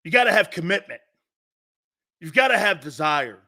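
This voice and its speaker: A middle-aged man hosting a sports talk show, preaching his opinions in a fired-up, profane rant that swings from loud outbursts to low, intense asides and repeats lines for emphasis. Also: big pitch swings, moderate pace.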